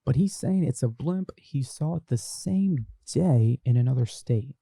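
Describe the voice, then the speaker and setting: A man's voice: mid-range voice, animated, unhurried, creaky, warm tone, dry recording. A young man hosting a casual podcast, reading viewer comments aloud and chatting about them. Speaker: podcast host reading live chat. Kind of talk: casual live-stream chat. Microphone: desk microphone through a mixer.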